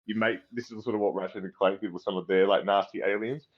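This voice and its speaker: A man's voice: lowish voice, steady tone, fast, highs cut off. A man chatting casually on a podcast, rambling and swearing as he goes. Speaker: podcast co-host. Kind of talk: casual chat.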